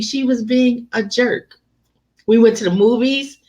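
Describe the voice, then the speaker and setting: Lively swearing woman telling stories. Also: on the high side, moderate pace. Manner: animated, laughs a lot, swears freely. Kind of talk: casual storytelling chat.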